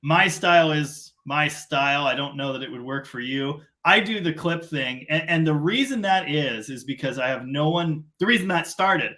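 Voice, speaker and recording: A man's voice: on the high side, moderate pace, few pauses, sharp tone. A middle-aged man from Canada hosting a casual live stream, rambling and self-deprecating in long run-on sentences.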